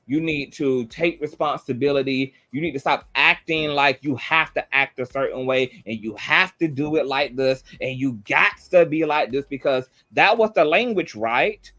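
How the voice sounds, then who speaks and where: A man's voice: medium pitch, moderate pace, few pauses, bright, forceful tone. A man giving a heated, blunt commentary monologue, swearing freely and repeating his points for emphasis. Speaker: online commentator.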